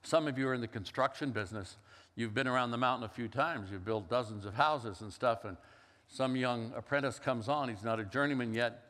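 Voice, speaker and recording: Older preacher in a reverberant hall. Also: male voice, mid-range voice, a little fast, fairly bright tone. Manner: storytelling, conversational with acted-out quotes. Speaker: pastor. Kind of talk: sermon.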